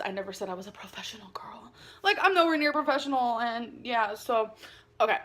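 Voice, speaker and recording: A woman's voice: fairly high pitch, fairly bright tone, a little hiss or hum. A woman vlogging casually to camera, rambling and giggling, with lots of "like" in her speech. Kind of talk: casual confessional vlog talk.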